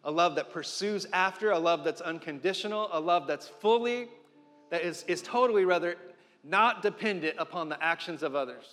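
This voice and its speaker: A man preaching a sermon, impassioned, swinging between loud and hushed, often repeating and restarting words. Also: sits high, normal speed. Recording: long hall reverb with faint music.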